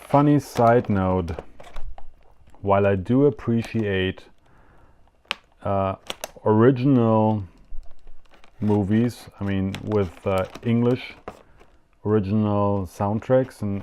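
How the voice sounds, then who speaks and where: A man's voice: fairly low pitch, slow, long pauses, warm tone, slight background noise. A man with a German accent hosting a yo-yo show, rambling and self-mocking through a live unboxing. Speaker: yo-yo show host.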